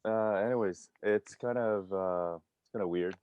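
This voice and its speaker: A man's voice: on the low side, unhurried, smooth, no echo, lo-fi sound. A man with a Canadian accent, a guest on a casual podcast, who talks hesitantly and apologetically with many fillers. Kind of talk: casual group chat.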